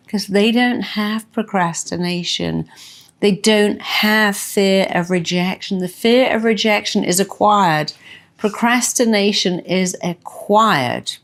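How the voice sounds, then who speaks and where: Low-voiced woman giving a motivational talk. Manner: emphatic, repeats affirmations with slow deliberate stress. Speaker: motivational speaker.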